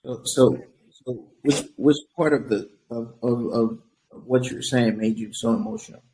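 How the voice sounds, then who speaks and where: A young man talks through his advice in an earnest, reflective way, often restarting his sentences with repeated words. His voice has a gravelly edge and sits at a middle pitch for a man. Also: very animated, a little slow, warm tone, low-quality recording. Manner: reflective, repeats words when starting thoughts. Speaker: physician guest.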